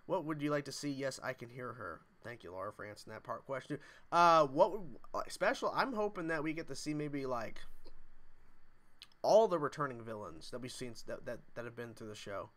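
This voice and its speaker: A man's voice: mid-range voice, expressive, a little fast, fairly bright tone. A young man hosting a livestream, chatting casually and reading viewer comments aloud in a jokey way. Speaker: livestream host.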